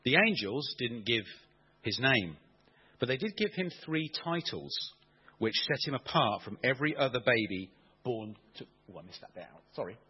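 A man preaching a sermon, animated and playful, asking the congregation questions as he explains. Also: medium pitch, normal speed, husky, lo-fi sound.

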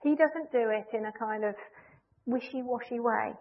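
A woman delivers a sermon in a fairly high voice. She speaks in an earnest, measured way and presses hard on the key phrases. The sound comes through thin and tinny, like a phone line. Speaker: preacher.

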